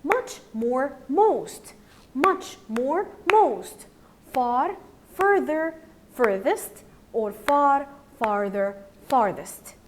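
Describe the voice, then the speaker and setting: A woman with an Egyptian accent teaching a primary school English grammar lesson, slowly repeating word forms so children can follow. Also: sits high, expressive, a little hiss or hum. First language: Arabic. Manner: slow, repeats words for drilling.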